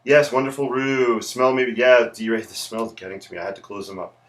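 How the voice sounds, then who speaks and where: A man's voice: medium pitch, steady tone, fairly quick. A man, an architect who teaches, chatting casually with viewers on a livestream while he sketches. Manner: chatty, greets viewers, rambling asides.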